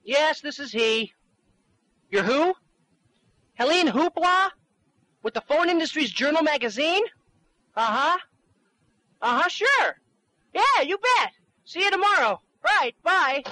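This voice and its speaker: A man acting in a comedy skit, excitable and quick-tempered, with a whiny edge. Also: very high-pitched, no echo, rough recording. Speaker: comedy phone-tape performer.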